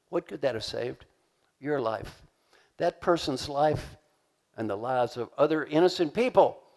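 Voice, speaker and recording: Lively older man giving a keynote. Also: a little high. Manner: animated, acts out voices, asks the audience to answer. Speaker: keynote speaker. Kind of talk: motivational keynote talk. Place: large conference hall.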